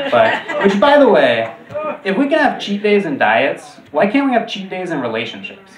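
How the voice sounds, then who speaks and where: A man doing a stand-up comedy routine, jumping higher and louder on punchlines. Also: big pitch swings, normal speed, crowd noise. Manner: jumps high and loud on punchlines. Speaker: stand-up comic. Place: comedy club stage. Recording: roomy and distant. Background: audience laughter.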